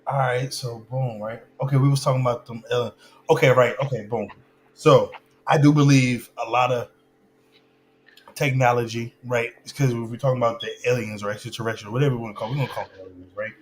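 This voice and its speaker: A man's voice: mid-range voice, steady tone, a little fast, slight background noise. A man in casual chat, talking loosely and stopping to find where his thought was going. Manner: loose, searching, loses his train of thought.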